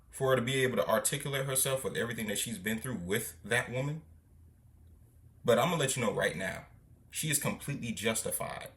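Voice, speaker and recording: A podcast host reacting to a guest's story, loud, incredulous and profane. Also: medium pitch. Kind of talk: reaction commentary.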